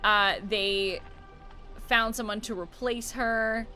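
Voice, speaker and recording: A woman's voice: on the high side, fairly even intonation, takes it slowly, bright, forceful tone, faint music behind. A woman hosting a gaming stream, skimming game text aloud and summing it up in a casual, offhand way. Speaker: streamer, host.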